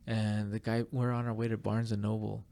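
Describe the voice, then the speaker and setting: Gravelly man telling a rambling story. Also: fairly low pitch, fairly quick. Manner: rambling, animated storyteller with many fillers. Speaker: podcast guest. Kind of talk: casual storytelling chat.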